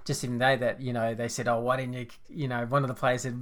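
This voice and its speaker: An Australian man in casual football chat on a podcast, rambling and restarting his sentences often. His pitch sits in an ordinary middle range. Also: level tone, fast talker, hardly any pauses, fairly bright tone. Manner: rambling, many restarts and filler words. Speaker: podcast co-host.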